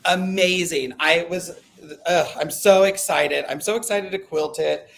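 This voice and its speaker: A man hosting a casual live stream chat, talking in an excitable, rambling way and often breaking off mid-sentence. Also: high-pitched, a little slow, creaky. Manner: chatty, excitable, self-interrupting. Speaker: livestream host.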